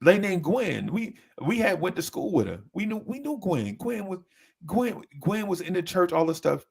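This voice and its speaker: Gravelly animated man. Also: moderate pace. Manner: animated, jumps into high mimicking voices for quotes. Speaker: podcast co-host. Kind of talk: casual storytelling chat.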